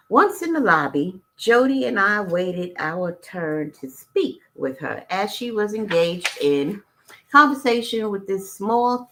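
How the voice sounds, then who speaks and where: A woman's voice: fairly low pitch, fairly bright tone. A woman reading a memoir aloud on a live stream and breaking off to greet viewers and add blunt, profane side comments. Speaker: audiobook reader and live-stream host.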